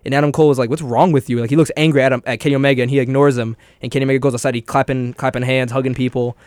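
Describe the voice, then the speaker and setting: A man's voice: medium pitch, very fast, clean tone, dry recording, clean studio sound. A young man co-hosting a casual wrestling podcast, telling stories with lots of laughs and quoted lines. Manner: excitable storyteller, laughs often, quotes wrestlers. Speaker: podcast co-host.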